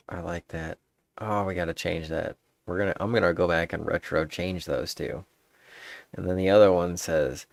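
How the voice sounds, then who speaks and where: A man's voice: sits low, fairly even intonation, moderate pace, creaky, no echo. A man musing aloud in a meandering, casual monologue, restarting his sentences as he thinks.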